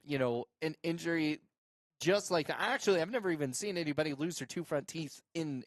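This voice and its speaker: A man who hosts a local sports show, calling football highlights and then interviewing a player in a casual, filler-heavy way. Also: dry recording, studio quality. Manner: excited shouting calls over game highlights, then casual questions with fillers. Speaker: sports show host and play-by-play caller. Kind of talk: high school football play-by-play and interview.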